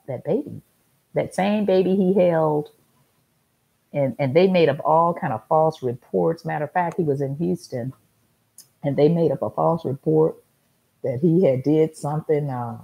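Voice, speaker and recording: A woman's voice: low-pitched, warm tone, slightly rough, low-quality recording. A middle-aged woman hosting a talk show, telling a story in an emphatic, repetitive monologue.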